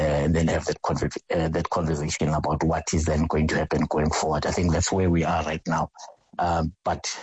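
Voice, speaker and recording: Low, flat, husky-voiced man on a remote line. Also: no echo. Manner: hesitant, many ums and restarts. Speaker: football association spokesman. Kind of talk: phone-in radio interview. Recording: muffled lo-fi line.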